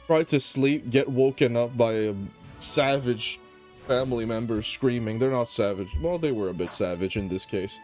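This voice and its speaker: A man's voice: mid-range voice, moderate pace, a little mellow. A worn-out man hosts his gaming video, talking loosely about his day and his plans. His voice is sleepy and easygoing, with a joking, rambling way of talking. Faint music plays underneath. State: tired. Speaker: gaming channel host. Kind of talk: casual gameplay commentary.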